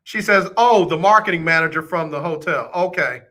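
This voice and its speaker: Fairly quickly, a man hosting a radio show banters with listeners, teasing and joking in casual on-air chat. His bright, forceful voice sits slightly high, and he speaks directly to the audience as old friends.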